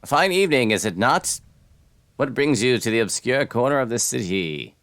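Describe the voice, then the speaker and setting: A man's voice: mid-range voice, big pitch swings, moderate pace, fairly bright tone, no echo, voice pushed up. A man voicing a chatty, cheerful male wanderer in a video game town, with a sing-song, theatrical delivery. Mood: cheery.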